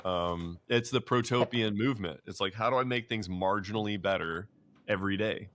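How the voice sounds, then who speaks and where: A man's voice: on the low side, moderate pace, fairly bright tone. A man who is a podcast guest, talking in a reflective, easygoing way in casual chat.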